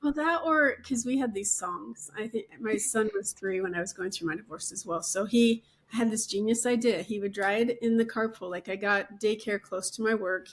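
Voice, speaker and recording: A woman's voice: mid-range voice, moderate pace, few pauses. Chatty woman podcast host. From Utah. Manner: chatty, rambling with fillers and asides. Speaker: podcast host, real estate agent. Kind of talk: conversational interview chat.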